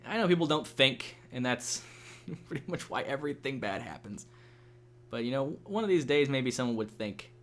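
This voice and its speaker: A man's voice: mid-range voice, lively intonation, moderate pace, a bit bright. A young man hosting a gaming channel, chatting casually and rambling with lots of fillers and swearing while he plays. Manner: rambling, many fillers and restarts, swears freely. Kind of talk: casual gameplay chat.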